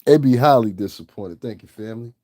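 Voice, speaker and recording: A man's voice: medium pitch, fairly quick, mellow, no room sound, studio quality. A man hosting his own channel, giving blunt, profane and scornful commentary. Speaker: channel host. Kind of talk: ranting livestream commentary.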